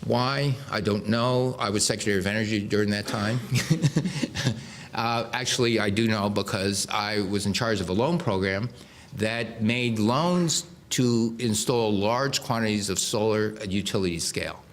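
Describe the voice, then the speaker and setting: A man's voice: fairly low pitch, normal speed, a little hiss or hum. A man in his sixties giving a public lecture from a podium to an audience, explaining with dry humor and frequent restarts. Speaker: guest speaker. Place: lecture hall before a live audience.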